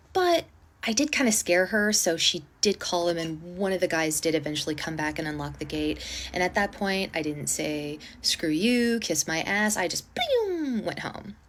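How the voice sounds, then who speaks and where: A woman telling a personal story in a casual storytime, animated and dramatic, with blunt swearing. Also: fairly low pitch, normal speed, slight background noise.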